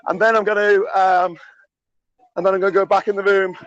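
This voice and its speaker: High-voiced excited man streaming. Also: a little fast, clean tone, dry recording, highs cut off. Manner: shouting greetings, cheering, chatty. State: getting hoarse. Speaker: live streamer. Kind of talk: excitable live stream at a party. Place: crowded indoor party venue.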